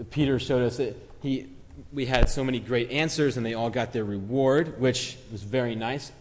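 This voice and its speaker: A man's voice: lowish voice, a little mellow, in a large hall. A man giving a sermon in a conversational, reflective way, acting out short quotes as he retells a story. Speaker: preacher.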